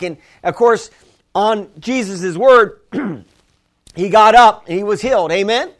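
Guy with a high voice preaching a sermon, chatty, lots of restarts and asides. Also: normal speed, a bit bright. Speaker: pastor.

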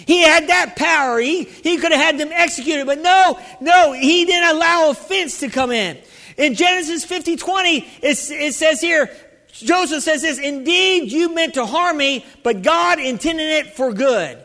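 A man's voice: extremely high pitch, normal speed, sharp tone. A man preaching a sermon with fervor, calling out questions to his congregation. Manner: fervent, calls out to the congregation. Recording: long hall reverb.

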